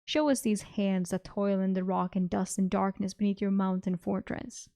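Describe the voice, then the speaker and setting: A woman reading aloud, voicing a gruff, blunt middle-aged male warlord of common birth with curt, growling lines. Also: mid-range voice, little pitch movement, normal speed, dark tone, no echo, clean studio sound, natural voice.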